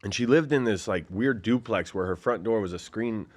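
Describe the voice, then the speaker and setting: A man's voice: fairly low pitch, normal speed, a little hiss or hum. A man in his forties, a former fighter guest telling his story in a rambling, casual way, full of fillers and acted-out quotes. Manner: rambling, filler-heavy, acts out quoted voices.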